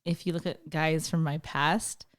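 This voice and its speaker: A woman's voice: deep voice, steady tone, measured pace. A woman, chatting as a podcast guest and telling stories with lots of fillers. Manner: chatty storyteller with many fillers. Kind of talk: casual chat.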